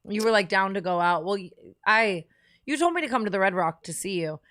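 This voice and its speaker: A woman's voice: medium pitch, animated, brisk, fairly bright tone. A young woman guesting on a podcast, chatty and teasing, full of "like" and little restarts. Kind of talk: casual chat.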